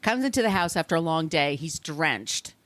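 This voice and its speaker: A woman's voice: sits low, big pitch swings, moderate pace, a bit bright. A woman hosting a podcast, telling a history story in a rambling, conversational way, with restarts and the odd swear. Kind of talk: casual storytelling chat.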